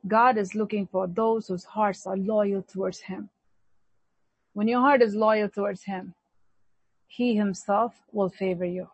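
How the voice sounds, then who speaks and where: Woman preacher for an emphatic sermon, husky tone, dry close mic. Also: medium pitch, steady tone, a little slow, pauses often, dry recording, lo-fi sound. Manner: emphatic, repeating key words, leading a Bible reading.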